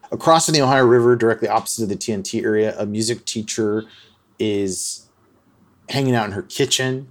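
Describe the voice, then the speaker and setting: A man hosting a podcast who retells a story in a loose, chatty way, full of "like" and other fillers. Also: on the low side. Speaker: podcast host. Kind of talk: casual storytelling chat.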